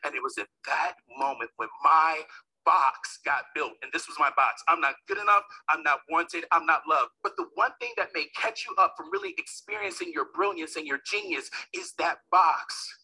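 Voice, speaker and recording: A man's voice: a little high, normal speed, husky, rough recording. A man giving a dramatic motivational speech, telling a personal story and acting out the quoted voices. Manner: acts out quoted voices, builds to shouts. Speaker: motivational speaker.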